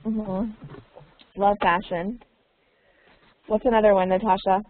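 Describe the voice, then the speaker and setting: A woman's voice: medium pitch, flat delivery, a little hiss or hum. A woman leads an online English lesson, taking her time and saying each key word twice for her students. Her voice comes through a thin, phone-like call line. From United States. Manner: slow and deliberate, repeating words for learners. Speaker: English teacher.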